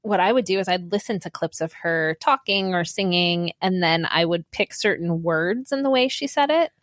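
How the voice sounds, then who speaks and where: A woman's voice: fairly low pitch, normal speed, no room sound, studio quality. A woman in her thirties co-hosting a podcast, chatting playfully and laughing easily. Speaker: podcast co-host. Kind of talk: casual chat.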